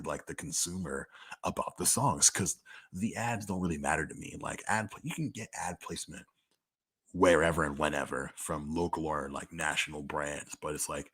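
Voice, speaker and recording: Man, very low voice, husky, young adult, blunt casual monologue, swears a lot. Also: fairly quick, fairly bright tone. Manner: candid, profane, conversational with frequent "like". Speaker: podcaster answering listener questions.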